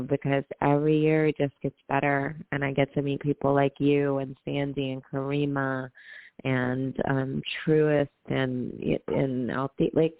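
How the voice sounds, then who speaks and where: A woman's voice: very deep voice, gravelly, no echo. A woman guest talking about crystals and energy, eager and full of fillers. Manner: enthusiastic, filler-heavy, laughs often. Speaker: guest, aura photographer. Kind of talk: casual interview chat. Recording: tinny phone-like line.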